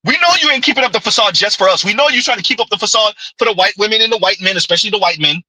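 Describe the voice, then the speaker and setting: A man's voice: high-pitched, rapid-fire, bright, forceful tone, slightly rough, no echo, poor audio. A man, giving an opinionated commentary monologue with emphatic call-outs and rhetorical asides. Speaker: commentary vlogger.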